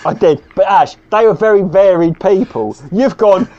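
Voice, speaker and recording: A man's voice: high voice, normal speed, mellow. A man co-hosting a podcast, rambling, teasing and swearing in casual banter. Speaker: podcast co-host. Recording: dull lo-fi sound.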